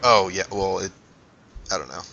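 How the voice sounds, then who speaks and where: Man running a tabletop game, bright edgy tone, rambling, dull lo-fi recording. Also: sits low, moderate pace, creaky, a little hiss or hum. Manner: rambling, filler-heavy narration. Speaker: game master.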